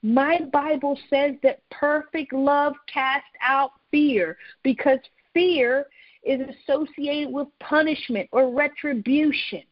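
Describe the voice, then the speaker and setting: A woman's voice: high voice, fairly even intonation, slow pace, no echo. A woman preaching an earnest sermon, repeating her phrases and often restarting mid-sentence. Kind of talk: sermon-style teaching. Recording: dull, lo-fi sound.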